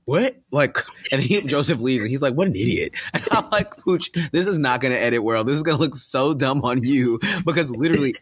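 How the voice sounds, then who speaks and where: A young man co-hosting a podcast in casual chat, animated, laughing often and acting out quotes. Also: medium pitch, brisk, husky. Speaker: podcast co-host.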